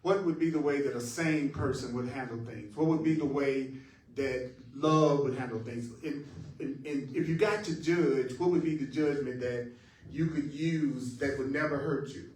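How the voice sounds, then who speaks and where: A man leads a spiritual talk, reflective and careful with emphasis, his voice sitting a little high. He is heard from a distance in an echoey room. Soft music plays faintly behind him. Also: normal speed. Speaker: spiritual teacher. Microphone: live-stream mic at a distance.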